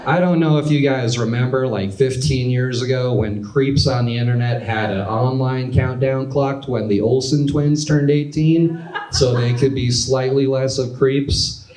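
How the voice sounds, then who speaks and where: A young man in his twenties doing a stand-up comedy set with a dry, deadpan delivery in a club. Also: medium pitch, measured pace. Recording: echoey club with audience laughter. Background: crowd laughter.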